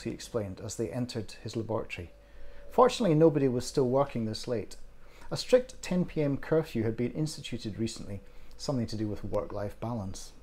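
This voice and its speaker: Husky man narrating a short story. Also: mid-range voice. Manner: expressive, measured reading.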